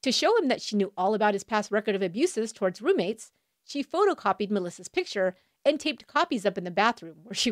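Lively woman telling a crime story. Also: mid-range voice, dry recording, studio quality. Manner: wry asides between dramatic retelling. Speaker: true crime podcast host. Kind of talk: scripted true crime narration.

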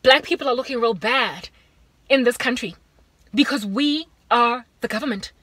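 A South African woman giving a fervent, preaching vlog monologue from inside a car, moving between urgent raised warnings and hushed appeals. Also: fairly high pitch, normal speed, husky, dry recording. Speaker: Christian vlogger.

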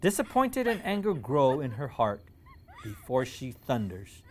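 A man reading a children's storybook aloud, animated, with dramatic pauses. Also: mid-range voice.

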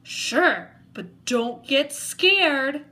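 A woman voicing a sassy, raspy girl monster who answers back in a snappish, sniffy way. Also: high voice, expressive, very slow, sharp tone, pitched above the performer's own voice, heavily acted. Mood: teasing.

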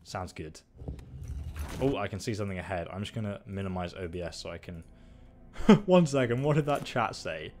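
A young man giving joking, excitable commentary on a live stream, swearing and laughing. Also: sits low, normal speed. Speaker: gaming streamer.

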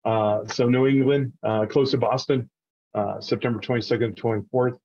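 A man's voice: medium pitch, steady tone, moderate pace, darkish tone, highs cut off. A man co-hosting a casual podcast chat, running through event dates with lots of fillers and small laughs. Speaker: podcast co-host.

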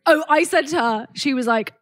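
A young woman chats and teases on a podcast, her voice a little high. It is recorded dry and close with no room echo. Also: moderate pace. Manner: chatty, teasing, calls her co-host babe. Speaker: podcast co-host. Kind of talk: casual chat.

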